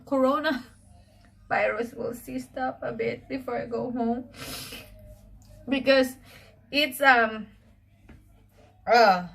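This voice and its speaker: Emotional Filipino woman, halting speech. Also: sits high, vocal fry, a bit bright. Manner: hesitant, halting, many fillers and restarts. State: emotional, close to tears. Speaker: vlogger. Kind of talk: personal video diary.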